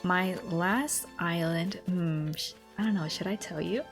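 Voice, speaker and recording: Chill woman rambling through a late night cozy game, slow, lowish voice, keeps saying sorry to the characters, soft music behind. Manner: apologetic, self-deprecating asides. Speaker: gaming vlogger. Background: soft background music.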